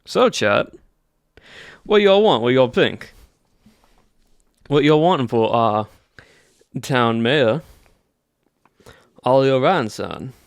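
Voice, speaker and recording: A folksy Southern cowboy drawls along to his livestream chat, as a man puts on the accent. The voice stays smooth and clear, recorded close and dry. Words are stretched in a loose country drawl. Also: medium pitch, lively intonation, slow, pauses often, no room sound. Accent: put-on Southern US. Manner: folksy drawl, says y'all.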